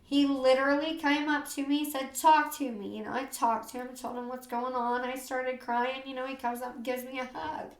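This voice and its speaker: A woman's voice: sits high, little pitch movement, moderate pace, hardly any pauses, reverberant. A woman from the USA telling her personal story as an interview guest, earnest and tearful, repeating phrases and saying "you know" often. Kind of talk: emotional personal testimony.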